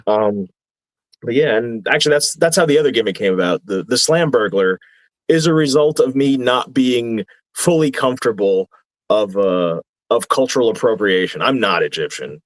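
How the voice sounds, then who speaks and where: Rambling wrestler telling stories. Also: male voice, medium pitch, expressive, normal speed, no echo. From New Jersey. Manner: rambling, chuckling anecdotes. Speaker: wrestler guest. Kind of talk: casual podcast storytelling.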